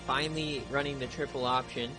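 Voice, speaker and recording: A young man giving laid-back play-by-play commentary on a streamed video game, chatty and prone to excited outbursts. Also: mid-range voice, fairly quick, over music. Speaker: league streamer.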